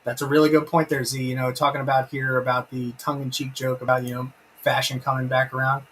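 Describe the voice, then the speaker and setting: A man's voice: medium pitch, level tone, fast, fairly bright tone, a little hiss or hum, rough recording. A man hosting a casual live stream, enthusiastic and rambling, breaking off to read out chat comments. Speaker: live-stream host reviewing a TV episode.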